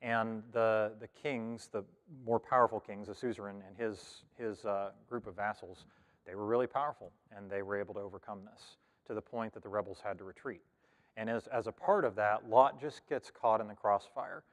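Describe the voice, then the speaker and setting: Low-voiced man teaching scripture in a reverberant hall. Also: fairly even intonation, moderate pace. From Oklahoma, Cherokee Nation. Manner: conversational, thinks aloud with many fillers and restarts. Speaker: Bible study teacher. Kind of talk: casual scripture lesson. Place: church.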